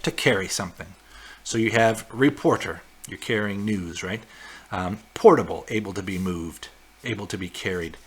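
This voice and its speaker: A man's voice: fairly low pitch, moderate pace, breathy edge. A man teaching a class remotely, walking students through a weekly packet in a casual, explaining way with frequent fillers and check-ins. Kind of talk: recorded lesson walkthrough.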